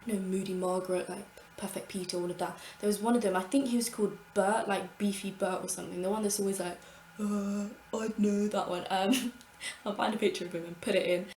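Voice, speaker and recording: Swearing, animated woman vlogger. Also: mid-range voice, quick pace, echoey room, slight background noise. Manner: animated, swears freely, acts out her own past thoughts. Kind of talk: casual storytime monologue.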